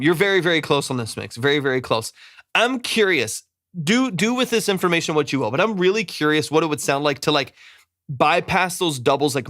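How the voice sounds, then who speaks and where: In a clean studio recording with no room sound, a producer with a slightly high, fairly bright voice critiques a mix live and casually. He hedges, repeats words and scats the melodies with da-da.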